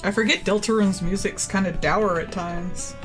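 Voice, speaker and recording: A woman's voice: medium pitch, moderate pace, faint music behind. A woman with a light Southern US accent, chatting playfully as she draws on a stream, teasing her partner. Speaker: streaming artist. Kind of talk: casual chat while drawing.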